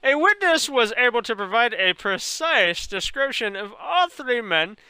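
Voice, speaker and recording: Guy doing a high, bright mock indian accent, pompous newspaper reading voice, sing-songy. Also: big pitch swings, a little slow, clear, resonant tone, no room sound, heavily acted. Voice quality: exaggerated, sing-song pitch. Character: man reading a newspaper notice aloud, pompous.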